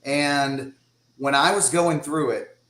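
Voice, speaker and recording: A man's voice: a little high, fairly even intonation, slow pace, fairly bright tone, echoey room, poor audio. A man in his fifties with a Southern US accent, a guest drummer chatting casually in a rambling way and laughing often. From Georgia, US. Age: 50s. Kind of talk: casual chat.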